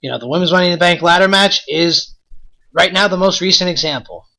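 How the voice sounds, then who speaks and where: A man's voice: high voice, quick pace, gravelly, sharp tone. A man hosting a wrestling podcast, ranting in an exasperated, blunt way with lots of rhetorical questions. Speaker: podcast host.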